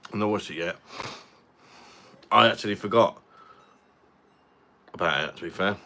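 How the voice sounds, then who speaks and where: A man hosts a casual livestream from home, drinking and reviewing a beer while reading out viewer comments and cracking jokes. His voice is lowish and bright with a forceful tone, moving at a moderate pace, and his manner is laid-back and jokey.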